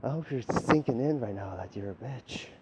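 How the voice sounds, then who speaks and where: A man's voice: medium pitch, expressive, normal speed. A man delivering a rambling, profane, lecturing monologue straight at the listener. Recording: dull lo-fi recording with faint ambience.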